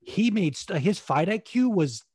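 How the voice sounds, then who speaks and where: A man with a slightly high voice talks loosely and rambles, dropping swear words and laughing between thoughts. The sound is dry and close, with no room in it. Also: lively intonation, a little slow, a little mellow, slightly rough, dry recording. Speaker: podcast co-host. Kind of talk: casual MMA podcast chat.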